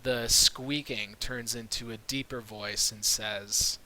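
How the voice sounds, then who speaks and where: Laid-back male game master, slow and bright, narrating on a USB call mic. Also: medium pitch, poor audio. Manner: relaxed, filler-heavy storytelling. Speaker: dungeon master. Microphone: USB mic on a video call.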